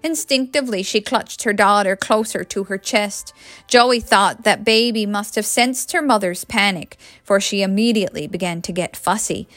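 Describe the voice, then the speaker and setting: A woman reading a story aloud in a steady, expressive storybook narration. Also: mid-range voice, normal speed, dry recording, faint music behind. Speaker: audiobook reader.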